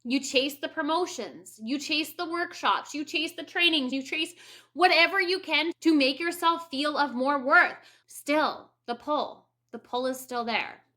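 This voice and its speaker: Woman in her 30s, high bright voice, blunt and sweary, animated when she quotes people. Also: a little slow. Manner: candid, blunt, swears freely. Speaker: coach for women. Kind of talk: personal story monologue.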